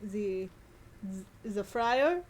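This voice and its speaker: A woman playing in a tabletop role-play game, hesitant and halting. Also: mid-range voice, animated, darkish tone. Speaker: player.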